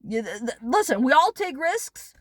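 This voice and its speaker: A woman's voice: high-pitched, big pitch swings, normal speed, dry recording. A woman rants in a vlog, blunt and sarcastic, swearing often. Her voice sounds dry and close, with no room around it. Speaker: vlogger. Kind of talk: angry profane rant.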